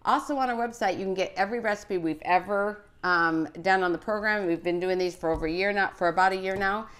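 Speaking fast in a clear, resonant, somewhat bright mid-range voice, a woman in her sixties runs a live cooking show for children. She's chatty and encouraging, reading greetings sent in by viewers, and often uses fillers and starts over.

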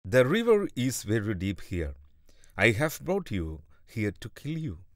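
A man's voice: fairly low pitch, wildly swooping pitch, measured pace, dry recording, studio quality. A man voicing a male crocodile who lures his monkey friend to get his heart, in a storybook reading. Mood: worried, scheming. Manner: blustery, chuckling. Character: treacherous male crocodile, torn then scheming.

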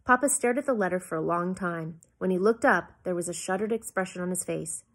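Breathy woman reading a novel aloud. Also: lowish voice, fairly quick. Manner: expressive, with small slips and asides. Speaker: reader.

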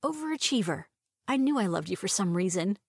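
A woman reader voicing a playful, quick-witted young woman who teases her lover. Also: medium pitch, sing-song, slightly rough, dry recording, clean studio sound.

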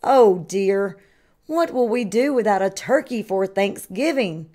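A woman's voice: medium pitch, expressive, measured pace, mellow, natural voice. A woman reading aloud and voicing a farmer's wife fretting about the holiday meal. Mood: fretful. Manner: fretful.

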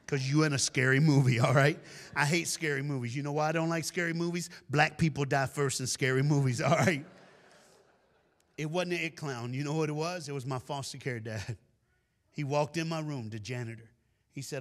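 A man giving a storytelling sermon as a guest speaker, animated and folksy, talking straight to the crowd. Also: a little high, brisk. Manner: animated, addresses the crowd directly, folksy talk. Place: large church hall. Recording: long hall reverb.

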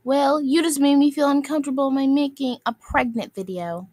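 Sitting high in pitch, this woman's darkish voice moves at a normal speed with no echo around it. She launches into an angry, scolding rant against other video makers, hurling insults and circling back to the same phrases again and again.

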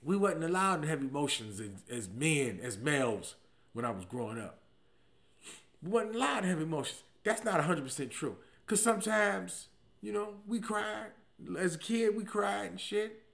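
Loud, emphatic comedian, man in his forties. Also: moderate pace, creaky. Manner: animated, swings between loud emphatic bursts and low muttered asides; slangy and profane. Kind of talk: comedic storytelling monologue.

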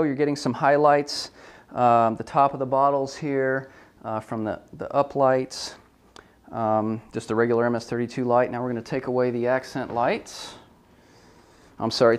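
A man giving a hands-on product photography tutorial, talking through each step casually and correcting himself as he goes. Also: medium pitch. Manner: relaxed, thinking aloud with frequent ums and self-corrections.

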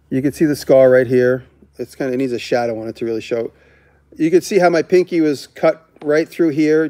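A man's voice: a little high, mellow. A man hosting a casual livestream, answering viewer questions in a rambling, candid way that often breaks off mid-thought. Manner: rambling, self-interrupting, candid.

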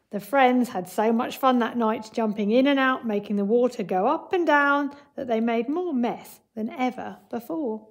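A woman teacher with a fairly high voice walks young children through word problems and then reads them a picture book. She speaks clearly and patiently, the way you talk to a class of young kids. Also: normal speed, hardly any pauses. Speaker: primary school teacher. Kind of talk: remote maths lesson and picture-book read-aloud.

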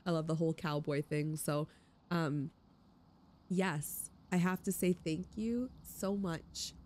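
A woman's voice: on the low side, mellow, slight background noise. A young woman hosting a game playthrough, chatting in an emotional, enthusiastic way with plenty of fillers. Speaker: let's play host. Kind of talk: gaming commentary and wrap-up.

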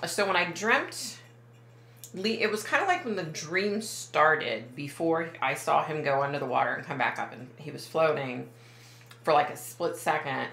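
A woman with a deep yet bright, forceful voice talks as a psychic medium. She rambles and keeps restarting her sentences in a chatty monologue. The room around her sounds roomy and echoey. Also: expressive, moderate pace, creaky. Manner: rambling, self-correcting, many fillers. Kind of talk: casual monologue to camera.

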